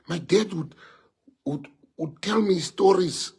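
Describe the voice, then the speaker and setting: A South African man whose first language is Afrikaans speaks in a slightly raised, husky voice. He addresses party members in an impassioned livestream, rambling from point to point and stacking up rhetorical questions. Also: high-pitched, measured pace, darkish tone.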